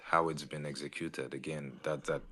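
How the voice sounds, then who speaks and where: A man's voice: extremely low pitch, flat delivery, normal speed, fairly bright tone. A man with a French accent answering hesitantly in a discussion, with many restarts. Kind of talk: casual discussion.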